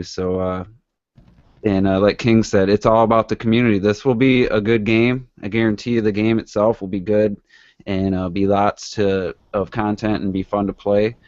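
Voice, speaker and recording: Low, flat-voiced man on a podcast. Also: normal speed, no echo. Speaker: podcast guest. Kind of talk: casual chat. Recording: dull dry lo-fi recording.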